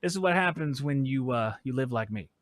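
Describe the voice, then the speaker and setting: Hosting a casual live stream from his workshop, a podcast host in his forties kids around and reads out chat messages. He speaks briskly at medium pitch with lively intonation and switches mics in the middle. No room sound is audible.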